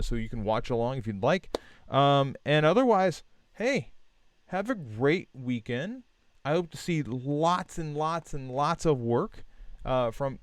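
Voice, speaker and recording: A man with a smooth, clear voice talks through design feedback on a live stream, loose and encouraging, full of "um"s and restarts. The sound is dry and close to the mic. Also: medium pitch, no echo. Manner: relaxed, many fillers and restarts, encouraging. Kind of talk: casual live-stream critique.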